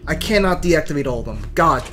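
A man's voice: fairly high pitch, expressive, fairly quick, fairly bright tone, faint music behind. A young man giving let's play commentary, muttering to himself and cursing often. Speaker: gamer.

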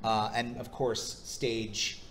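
A man's voice: on the low side, slow pace, slight background noise. A man, a voice actor, telling stories at a convention panel and slipping into impressions. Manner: animated storyteller, slips into impressions. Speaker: voice actor guest.

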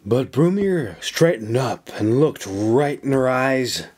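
Man reading a fantasy audiobook, slow and unhurried, mid pitch. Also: expressive, a little mellow, slightly rough. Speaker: audiobook narrator. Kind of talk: scripted narration.

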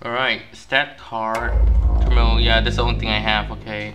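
Jittery gaming YouTuber, mid-pitched male voice over loud game music, nervous repeats, yelps when caught. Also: steady tone, normal speed. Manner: panicky, self-mocking, repeats words in bursts; shrieks high when caught. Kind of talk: gameplay commentary.

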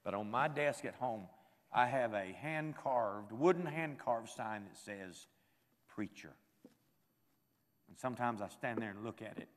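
An older man preaching a sermon at a camp meeting, moving emotionally between quiet reflection and loud, fervent exhortation. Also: medium pitch, animated, normal speed. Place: large hall at a church camp meeting. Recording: reverberant hall.

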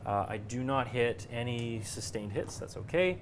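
A man with a mid-pitched, ordinary voice works through his turn out loud, counting dice and checking rules with his opponent in a loose, hesitant way. A faint hiss sits under his voice. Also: expressive, moderate pace. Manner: thinking aloud, counting dice and damage, hesitant fillers. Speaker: guest player. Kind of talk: casual play-by-play of a tabletop wargame.

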